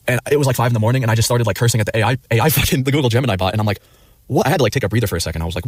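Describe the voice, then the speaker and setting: A man's voice: on the low side, rapid-fire, no echo. A man livestreaming, chatting casually in a rambling way, swearing often and acting out quoted replies. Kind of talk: casual rambling stream chat.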